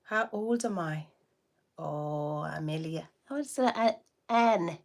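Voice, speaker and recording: A woman in her forties chats through a casual livestream, answering viewers' comments one by one. Her voice sits a little low, and she talks slowly, with friendly laughs scattered between her remarks. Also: a little mellow. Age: 40s. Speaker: livestream host.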